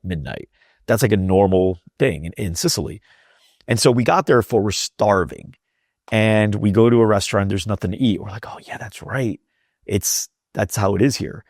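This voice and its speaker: Brief: lowish, gravelly male guest, rambling anecdotal delivery, close dry sound. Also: no room sound. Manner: rambling, animated storyteller. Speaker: podcast guest. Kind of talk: casual storytelling chat. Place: host's home.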